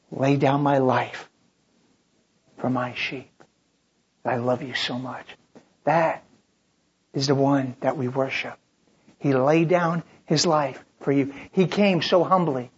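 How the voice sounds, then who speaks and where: A preacher giving a sermon at a church service, swinging between loud emphatic lines and hushed near-whispers. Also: mid-range voice. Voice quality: very husky, breathy. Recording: dull lo-fi recording.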